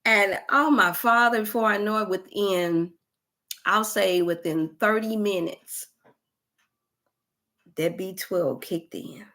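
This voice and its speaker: A woman hosts a wellness talk. She tells a personal testimonial in an animated way, with sighs and exclamations throughout. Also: medium pitch, slow pace, long pauses. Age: 50s. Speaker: wellness show host. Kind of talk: testimonial storytelling.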